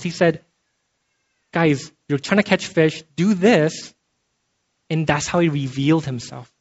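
A man gives a sermon in a relaxed, talky way, pausing now and then to ask his listeners "okay?" His voice sits a little high for a man. The recording is muffled and lo-fi. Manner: conversational, checks in with frequent "okay?". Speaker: pastor. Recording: dull lo-fi sound.

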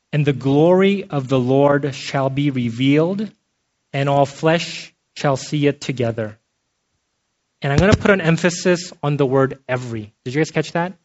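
Preaching in a chatty way, a male pastor with a mid-range, slightly mellow voice speaks at a normal speed. He keeps checking in with the congregation by asking "okay?", and the audio is dull and lo-fi.

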